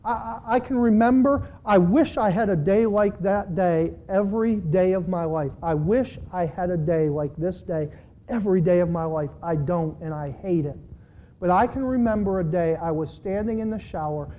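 A man preaching a sermon to his church, swinging between loud, pleading passages and quiet asides. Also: high-pitched, moderate pace, slight background noise. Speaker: pastor. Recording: dull lo-fi sermon recording.

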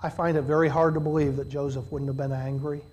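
High-voiced preacher with dramatic swings. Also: male voice, little pitch movement, fast, lo-fi sound. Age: middle-aged. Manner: dramatic swings from loud emphatic peaks to hushed low delivery, acting out quoted voices. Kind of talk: sermon.

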